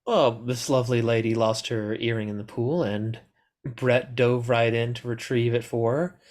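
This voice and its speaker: A man playing a flattering courtier. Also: mid-range voice, moderate pace, lightly acted. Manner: flattering, eager.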